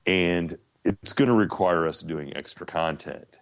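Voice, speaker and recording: A man's voice: low voice, a little slow, no room sound, muffled recording. A man as a podcast guest, chatting in an easygoing, rambling way. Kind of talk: casual chat.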